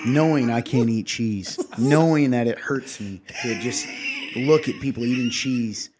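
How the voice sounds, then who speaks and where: A man's voice: medium pitch, takes it slowly, a little hiss or hum. A man co-hosting a casual podcast chat, laughing often and playfully mimicking friends. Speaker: podcast co-host.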